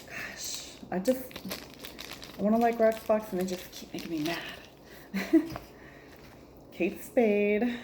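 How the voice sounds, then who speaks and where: A woman's voice: medium pitch, takes it slowly, pauses often, noisy background. A woman reviewing a jewelry subscription in a casual vlog, joking, exasperated, laughing often and calling her viewers y'all.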